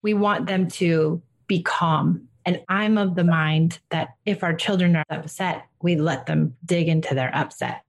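Middle-aged female parenting coach, low register, practical and reassuring. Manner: warm reassuring coaching, acts out gentle phrases to a child. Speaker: parenting coach and podcast host. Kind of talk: casual advice chat.

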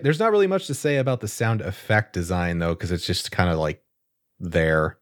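A man's voice: sits low, normal speed. A man hosting a casual podcast chat, laid-back and jokey. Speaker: podcast host.

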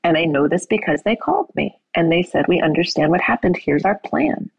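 A woman telling a story in a casual conversation, acting out the people she quotes in a lively way. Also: on the low side, a little fast, creaky, slightly rough, dry recording, lo-fi sound.

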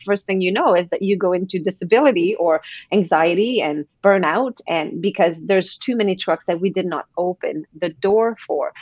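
A woman's voice: on the low side, a little mellow, husky, dry recording, lo-fi sound. A woman coach being interviewed on a podcast. She speaks animatedly and acts out quoted voices. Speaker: guest coach.

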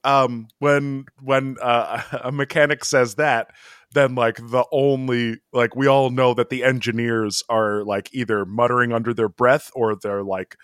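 A man's voice: mid-range voice, level tone, measured pace, a bit bright, clean tone, no echo, clean studio sound. A man co-hosting a podcast, chatting in an amused, rambling way full of asides. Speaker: podcast co-host. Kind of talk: casual chat.

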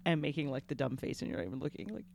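A woman's voice: deep voice, expressive, racing, gravelly. A woman hosting a comedic podcast, bawdy and joking, with frequent giggles. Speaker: podcast host. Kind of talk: casual comedic chat.

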